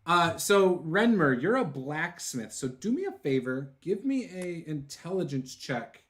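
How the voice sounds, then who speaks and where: A man's voice: a little high, big pitch swings, a little slow. A man running a tabletop game as game master, chatty and laughing often.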